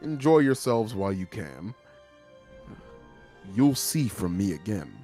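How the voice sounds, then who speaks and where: A man's voice: fairly low pitch, very animated, unhurried, mellow, faint music behind. A man voicing a courtly, menacing male vampire lord in a tabletop game, speaking as a silky, mock-gracious host. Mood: courtly menace.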